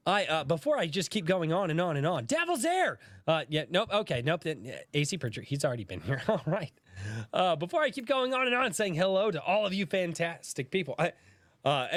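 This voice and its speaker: A man's voice: a little high, sing-song, fairly quick, a bit bright, no echo, clean studio sound. A man hosting a casual livestream podcast, sick with a sore throat and cough, greeting viewers by name and laughing through his coughing. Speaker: podcast host.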